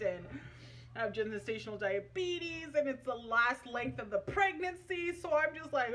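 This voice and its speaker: A woman's voice: a little high, animated, unhurried, fairly bright tone, slight background noise. A young adult woman vlogging casually, telling a personal story in a chatty, emotional way with many fillers.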